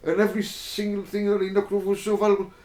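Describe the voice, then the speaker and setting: A man telling a rambling story in a repetitive, drawn-out way, swearing freely. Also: high voice, monotone, darkish tone. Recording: roomy echo, faint music.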